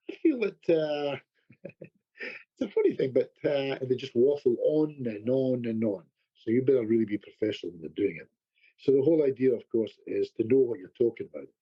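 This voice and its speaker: Husky man telling stories on a podcast. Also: mid-range voice, highs cut off. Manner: animated anecdotes with repeated restarts. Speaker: hypnotherapist guest. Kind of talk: storytelling in a podcast conversation.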